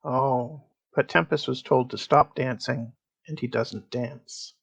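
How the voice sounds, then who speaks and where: Low-voiced woman game master. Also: steady tone, takes it slowly, creaky, slightly rough. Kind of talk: narrating a tabletop game.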